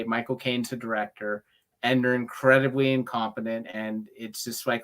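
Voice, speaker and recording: A man chatting casually about films as co-host, enthusiastic and quick to agree. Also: mid-range voice, fairly bright tone. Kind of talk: casual movie chat.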